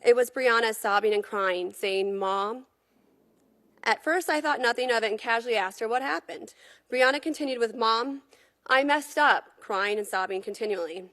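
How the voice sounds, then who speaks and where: A mother giving testimony, reading a prepared statement in an earnest, measured way. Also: fairly high pitch, fairly bright tone.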